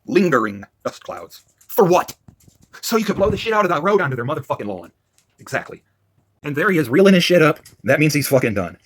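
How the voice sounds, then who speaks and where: A worked-up man ranting in a profane vlog, swinging between loud outbursts and low muttering. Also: big pitch swings, brisk. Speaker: vlogger.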